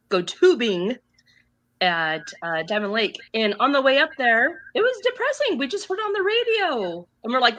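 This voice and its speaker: A bright, lively woman guest. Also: on the high side. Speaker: guest crochet creator. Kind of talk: casual live chat.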